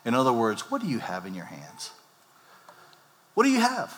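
Animated male pastor in a reverberant church. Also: mid-range voice, brisk, long pauses. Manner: animated preaching, acting out the disciples' lines. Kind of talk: sermon. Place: church sanctuary. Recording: long hall reverb.

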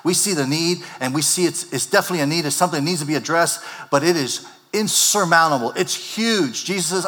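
Guy pastor preaching a sermon, bright punchy voice, long church echo, acts out the disciples. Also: fairly high pitch, a little fast, few pauses. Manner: animated preaching, acting out the disciples' lines. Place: church sanctuary. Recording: long hall reverb.

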